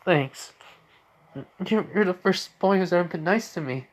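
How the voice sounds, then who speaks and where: Picture a shy teenage girl speaking in a small, raised voice, soft and a little pleading, as a man puts her on. The pitch sits well above an ordinary man's speech, and the voice is everyday rather than theatrical. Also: measured pace. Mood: grateful. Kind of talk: improvised fan story reading.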